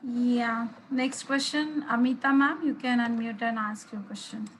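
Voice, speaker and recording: A woman's voice: fairly high pitch, fairly even intonation, measured pace, a little hiss or hum, poor audio. A woman, moderating a webinar and reading out questions hesitantly, with many fillers.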